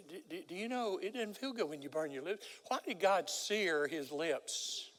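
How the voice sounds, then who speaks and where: Casting: older male preacher, slightly high voice, big church reverb, dramatic storyteller. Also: expressive, moderate pace. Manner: dramatic storyteller, swings from loud to hushed. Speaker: guest preacher. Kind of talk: sermon with storytelling. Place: large church sanctuary. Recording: long hall reverb.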